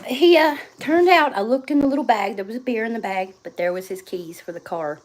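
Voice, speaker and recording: A middle-aged woman with a drawl talks to her phone camera in a loose, rambling way, laughing often. Her voice sits high. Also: a little fast. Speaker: vlogger. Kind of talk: casual livestream chat. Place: home and yard, outdoors at times.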